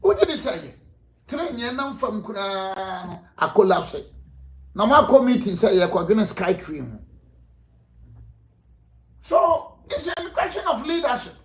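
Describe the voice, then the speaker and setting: A man's voice: high voice, sing-song, slow pace, pauses often, reverberant. A man with a Ghanaian accent giving impassioned, rhetorical interview answers, often laughing between points. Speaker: political guest. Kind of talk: impassioned interview answers mixing Twi and English.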